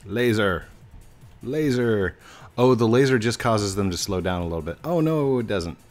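An excitable young man commenting on a racing game, laughing a lot and reacting fast. His pitch swings widely as he talks. Game music plays faintly underneath. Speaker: gamer, channel host. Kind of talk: casual gameplay chat.

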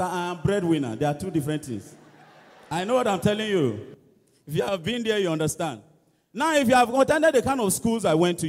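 A Nigerian man doing animated stand-up comedy in Pidgin and English, acting out school songs and shouted lines. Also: high voice. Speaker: comedian contestant. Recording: reverberant church hall.

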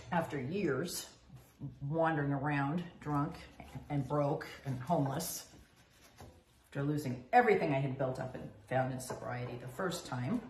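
A woman's voice: sits low, echoey room, a little hiss or hum. A middle-aged woman candidly telling her own recovery story and acting out the people she quotes. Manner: candid, animated, quoting others in dialogue. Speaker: recovery vlogger. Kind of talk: personal storytelling monologue.

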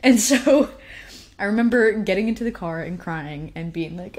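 A woman's voice: on the low side, moderate pace, darkish tone. A young woman telling a personal story at a conference, chatty and self-deprecating, often laughing. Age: young adult. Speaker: conference speaker.

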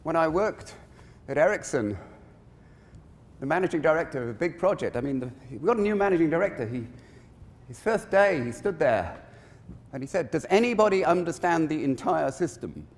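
A man giving a conference keynote in an animated, conversational way, with frequent digressions. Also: on the high side, moderate pace, long pauses. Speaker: keynote speaker. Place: large conference hall. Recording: long reverb of a conference hall.

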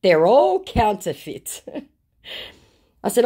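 A woman's voice: a bass voice, expressive, measured pace, darkish tone. Sardonic woman reading chat logs. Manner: sardonic, dry. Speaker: scam-baiting narrator.

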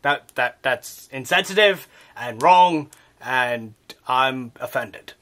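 A man's voice: high-pitched, sing-song, moderate pace, sharp tone, heavily acted. A man voicing a crude, cheeky crocodile guest on a comedy vlog, with a put-on Australian accent and mock-offended banter.

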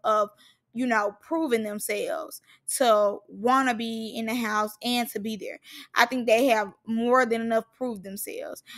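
A young woman giving a sassy, shady recap of a reality show, mocking the cast. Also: a little high. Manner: sassy, shady, animated, mocks cast members in put-on voices.

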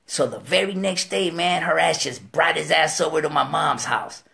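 A man's voice: fairly high pitch, moderate pace, vocal fry, bright, forceful tone. A man as a talk show guest telling a story in profane street slang, acting out the quoted voices. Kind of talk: storytelling interview.

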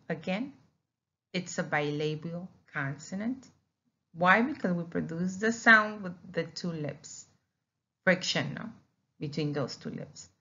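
A woman talks through a recorded language lesson at a very slow, careful pace. Her voice sits a little low as she drills syllables and checks in with "okay?". The audio is dull and lo-fi. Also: animated, bright, forceful tone. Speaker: Spanish teacher.

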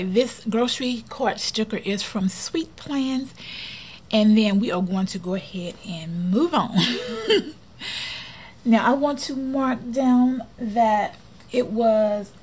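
Lady planner vlogger, kinda husky, chatty, goes soft and whispery a lot. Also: fairly high pitch. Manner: chatty, often drops to a soft near-whisper. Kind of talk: casual planner vlog chat.

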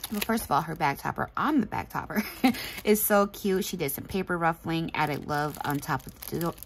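A woman's voice: deep voice, normal speed, vocal fry, slight background noise, poor audio. A woman hosting a casual craft unboxing, chatty and gushing, laughing often. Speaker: craft channel host.

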